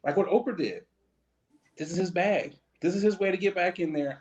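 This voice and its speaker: A man co-hosting a podcast in casual comedic chat, animated and slangy, laughing often, on slightly dull lo-fi audio. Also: high-pitched, brisk. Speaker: podcast co-host.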